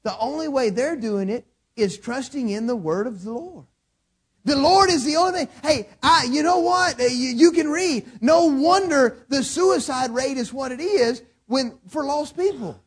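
A male pastor preaching a sermon, telling folksy stories and rising to shouts. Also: very high-pitched.

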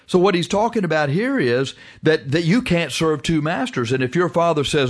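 Male radio preacher, emphatic, slow drawn-out stresses broken by quick bursts, reads old scripture wording. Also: on the high side, expressive. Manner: emphatic, drawn-out preaching with sudden fast stretches. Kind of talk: radio sermon with scripture reading.

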